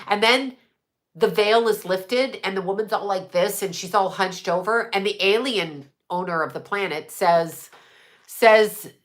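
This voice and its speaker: A woman's voice: mid-range voice, a bit bright. A woman hosting a casual livestream from her desk mic, rambling and conspiratorial, swearing and answering chat as she goes. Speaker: livestream host. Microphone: desk microphone.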